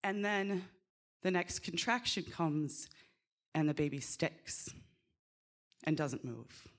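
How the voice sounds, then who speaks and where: A woman working as a doula, telling a lively true story with swearing, acting out the people she quotes. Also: sits low. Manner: animated, swearing, acts out quotes. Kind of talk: live storytelling.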